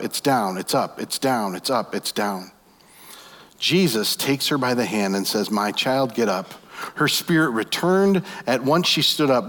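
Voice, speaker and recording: A man's voice: mid-range voice, fairly bright tone. A man preaching a sermon, retelling a story vividly with many rhetorical questions to his listeners. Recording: long hall reverb.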